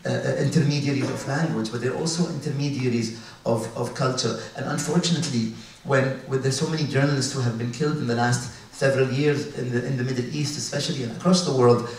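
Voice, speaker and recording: A man from the UAE giving a conference talk with slides, halting often with fillers and restarts. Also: mid-range voice, fairly even intonation, a little mellow. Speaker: conference speaker. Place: large conference hall. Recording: echoey hall, distant mic, faint noise.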